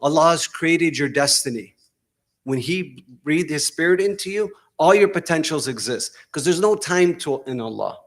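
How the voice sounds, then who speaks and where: A middle-aged man, giving a sermon in a mosque hall, telling stories that break into sudden loud outbursts. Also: a little high, expressive, moderate pace. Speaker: preacher.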